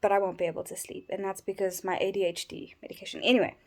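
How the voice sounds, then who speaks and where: A tired, sleep-deprived woman rambling in a personal vlog from her bedroom, yawning and halting with many restarts. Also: medium pitch, flat delivery, gravelly. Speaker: vlogger.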